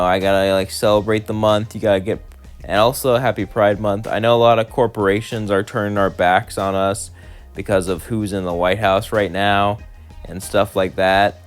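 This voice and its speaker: A man hosting a channel, narrating a fan story and chatting casually with many fillers. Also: lowish voice.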